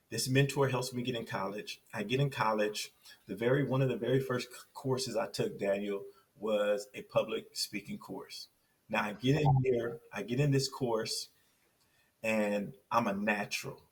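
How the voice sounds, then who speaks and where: A man from Compton, California, speaks as a podcast guest. His voice sits at a middle pitch, and he tells his story with energy, repeating lines for emphasis. He sounds a little distant from the microphone. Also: measured pace. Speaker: podcast guest, success coach.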